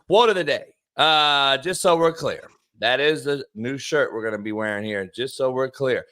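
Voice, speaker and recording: A man's voice: mid-range voice, a bit bright. A man hosting a sports talk show, brash and profane, reading sponsor spots and stretching words out for emphasis. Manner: brash, profane, shifts between drawn-out emphasis and quick bursts. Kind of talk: loud casual sports talk with ad reads.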